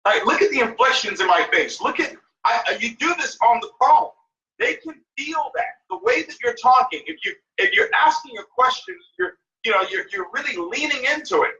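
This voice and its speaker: A network marketing mentor with an extremely high-pitched, expressive, pushed and bright voice coaches fairly quickly on a mentorship call. He's emphatic and repetitive, often checking in with "right?", and the phone or conference-call audio sounds dull, echoey, and far from the mic.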